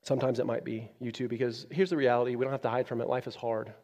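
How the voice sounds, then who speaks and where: A male pastor delivers a sermon in a church, swinging between loud, emphatic peaks and quiet, low stretches. His voice sits at a middle pitch. The sound rings with the long reverb of a large hall. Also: steady tone, quick pace, muffled recording.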